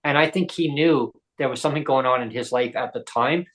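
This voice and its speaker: A man with a middle-of-the-road pitch chats casually on a podcast. He is a disability advocate and tells his stories by acting out the lines he quotes. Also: a little fast. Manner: storytelling, acting out quoted dialogue.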